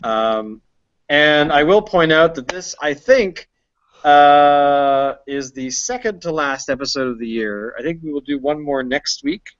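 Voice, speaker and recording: A man's voice: a little high, expressive, measured pace, no echo. Rambling male podcast host, dry lo-fi sound. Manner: rambling with many fillers. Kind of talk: casual chat.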